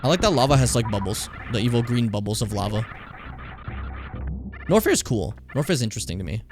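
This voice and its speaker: Animated swearing male game streamer. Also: mid-range voice, quick pace, music in the background. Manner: animated, profane, rambling. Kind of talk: casual live-stream commentary.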